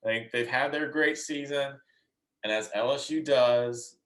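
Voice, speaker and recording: A man co-hosts a relaxed sports podcast and works through his predictions out loud. He restarts often, repeating words as he thinks, and fills gaps with hesitations. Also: mid-range voice, a little slow, noisy background. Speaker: podcast co-host. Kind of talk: casual sports chat.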